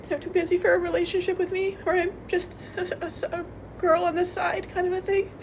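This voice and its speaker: A woman's voice: extremely high pitch, level tone, brisk, darkish tone, slight background noise. A woman vlogger talking in a rambling, emotional confessional monologue, tearful and congested, sometimes laughing through her tears.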